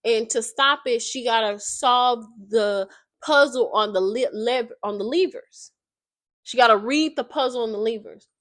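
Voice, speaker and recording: Brief: woman creator, casual slangy book recap, highish voice, dry close sound. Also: unhurried, no room sound. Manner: slangy, animated retelling. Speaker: video creator.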